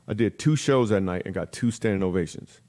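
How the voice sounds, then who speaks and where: Brief: male comedian guest on a podcast, rapid-fire storyteller with a lowish voice, jumps into quick character voices. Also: a little mellow. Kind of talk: comic storytelling in a podcast interview.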